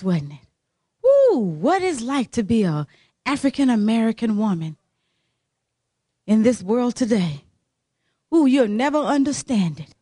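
A woman's voice: medium pitch, warm tone, no room sound, studio quality. A woman hosting a campus read-in, effusive and exclamatory, gushing over each reading. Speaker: event emcee. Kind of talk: emotional event hosting.

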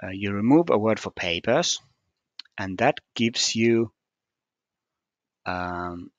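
Guy explaining a crossword step by step, lowish voice, dry close mic, kinda halting. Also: expressive, dry recording, dull audio. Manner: hesitant, many fillers and restarts, methodical. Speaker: puzzle solver explaining solutions. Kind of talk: screen-recorded puzzle walkthrough.

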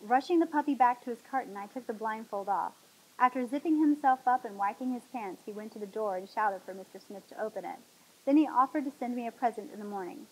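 Woman, talk show host, novel reading, dramatic, husky, highish pitch. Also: quick pace, low-quality recording.

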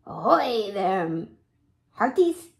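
Lady reading as a little boy in pirate talk, lively ups and downs, storybook kid. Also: mid-range voice, extremely slow, heavily acted. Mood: pirate bluster. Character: young boy playing pirate, bold.

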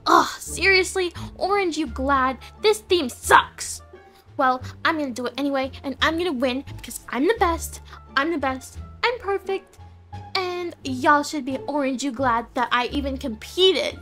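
A woman puts on a snooty, boastful mean girl for a game role-play, her high voice pushed loud and sneering. Soft music plays underneath. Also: unhurried. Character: bratty mean popular girl, boastful and rude. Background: faint music.

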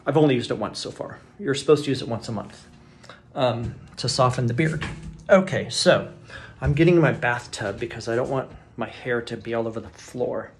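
A middle-aged teacher, nervous and rambling, speaks casually to a phone propped near the bathtub he's sitting in inside a small bathroom. He exclaims to himself as he goes, his mid-range voice at a moderate pace.

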